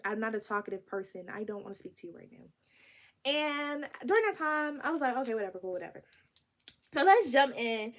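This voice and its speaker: A young woman in her twenties telling a casual storytime vlog to the camera. She talks in an animated, expressive and wry way, with a voice sitting a little high. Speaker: vlogger.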